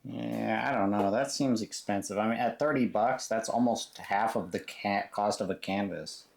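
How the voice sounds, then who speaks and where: A man co-hosting a casual crafting chat, relaxed and agreeable. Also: fairly low pitch, normal speed, creaky. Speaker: co-host, partner of the host.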